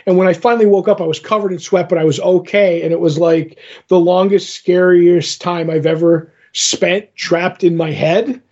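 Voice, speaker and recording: Husky high-voiced man, rambling storyteller. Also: normal speed, dull audio. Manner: rambling, animated storytelling with fillers. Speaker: podcast co-host. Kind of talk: casual chat, retelling a comic story.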